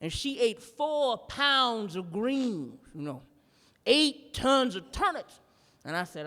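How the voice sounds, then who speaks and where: A woman's voice: fairly high pitch, sing-song, slow, fairly bright tone, big-room sound. A woman reenacting a stand-up routine, telling a profane story with drawling, rhythmic asides. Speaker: stand-up performer. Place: art museum performance space.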